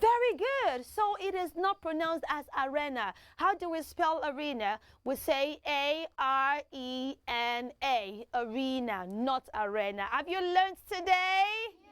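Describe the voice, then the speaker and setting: A woman's voice: high-pitched, takes it slowly. A woman presenting a children's TV lesson, coaxing the kids through call-and-response pronunciation drills. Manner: animated, coaxing teacher who leads call-and-response drills.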